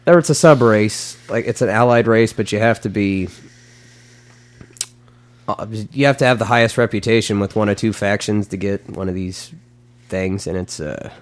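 A man's voice: lowish voice, moderate pace. A man co-hosting a podcast, telling stories in casual chat with frequent laughs and swearing. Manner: animated, swearing storyteller who laughs often. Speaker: podcast co-host.

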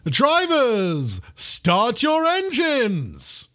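Booming race announcer, as a man puts him on. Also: huge pitch swings, fairly bright tone, exaggerated voice. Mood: announcing. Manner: drawn-out showman delivery.

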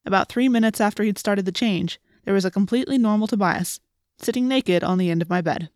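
A woman narrating a first-person audiobook in a steady, plain storytelling manner. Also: mid-range voice, quick pace, no room sound, studio quality.

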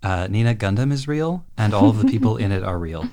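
Low-voiced man co-hosting a podcast. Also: lively intonation, a little fast, mellow. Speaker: podcast co-host. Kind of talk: casual podcast discussion.

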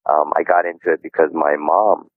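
A man's voice: rumbling low, little pitch movement, moderate pace, dry recording. A man from Hawaii, a guest musician, answering interview questions by phone in a friendly, modest way. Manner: friendly, modest, laughs easily. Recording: tinny, dry phone line.

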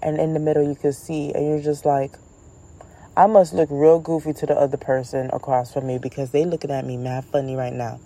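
A woman hosting her own show, talking in a blunt, profane, animated comedic monologue. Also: low-pitched, brisk, low-quality recording. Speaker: podcast host.

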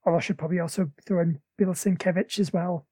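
A man hosts a casual podcast, trading playful jokes and quick asides. His voice is husky, and the sound is close and dry. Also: high-pitched, fairly even intonation, dark tone, no echo. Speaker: podcast host.

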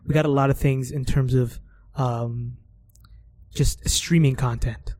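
A man's voice: mid-range voice, steady tone, unhurried, a little mellow. A young man co-hosting a casual podcast, talking hesitantly with many fillers and restarts. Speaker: podcast co-host. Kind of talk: casual chat.

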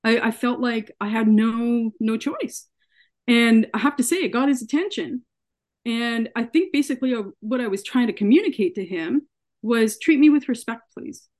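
A woman's voice: a little high, moderate pace, a little mellow. Earnest woman retelling a hard story. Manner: earnest, often acts out dialogue in her retelling; repeats words and restarts when upset. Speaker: guest, researcher. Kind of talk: telling her own story in conversation.

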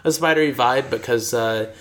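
A man's voice: medium pitch, fairly bright tone. A young American man from Denver co-hosting a casual podcast, joking and playful. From Denver, United States. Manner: joking, playful and quick with puns. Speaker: podcast co-host. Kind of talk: casual chat.

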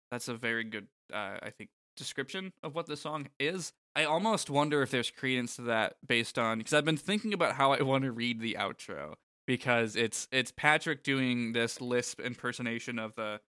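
A man's voice: medium pitch, moderate pace, bright, forceful tone, clear, resonant tone, no echo, studio quality. A man co-hosting a casual music podcast, wry and sarcastic, swearing freely as he runs through band names. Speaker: podcast co-host. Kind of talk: casual chat.

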